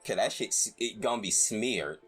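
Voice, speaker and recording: A woman's voice: extremely low pitch, expressive, normal speed, soft background music. A woman hosting a casual chat, talking in loose slangy banter. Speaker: host.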